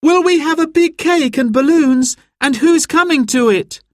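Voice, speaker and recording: A man voicing an eager young girl in a storybook reading, bubbly and excited. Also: sits high, takes it slowly, no room sound, clean studio sound, pitched above the performer's own voice.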